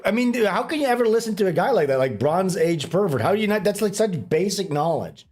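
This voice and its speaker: A man hosts a livestream with crude, heated commentary. His voice sits a little high and swings widely in pitch as he rants. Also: quick pace. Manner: animated, crude, ranting. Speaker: streamer host.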